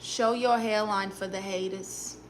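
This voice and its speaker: A woman's voice: medium pitch, fairly even intonation, a little hiss or hum, close to an everyday voice. A woman playing a sassy Brooklyn aunt. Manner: blunt, sassy, quick comebacks. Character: sassy, blunt aunt giving love advice. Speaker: live-stream host. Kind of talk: in-character live-stream comment reading.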